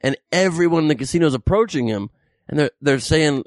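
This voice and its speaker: A man's voice: a little high, brisk, no room sound. A man, a comedian, telling a story casually and acting out the voices of the people in it. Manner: animated, acts out quoted voices.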